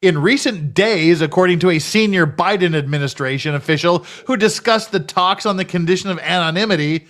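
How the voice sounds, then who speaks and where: A man's voice: high voice, brisk, hardly any pauses, a bit bright. A man hosting a commentary show, ranting in a profane, sarcastic, scornful way. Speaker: host.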